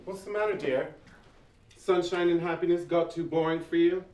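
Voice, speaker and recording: A man's voice: fairly high pitch, steady tone, normal speed, darkish tone, natural voice. A man voicing a flamboyant, theatrical male djinn spirit with a grandiose, teasing delivery. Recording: roomy echo.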